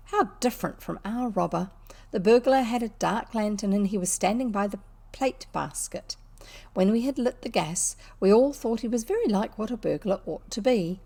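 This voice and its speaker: Gravelly woman reading a children's story. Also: medium pitch. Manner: lively, unhurried reading with small slips. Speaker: audiobook reader. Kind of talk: storybook narration.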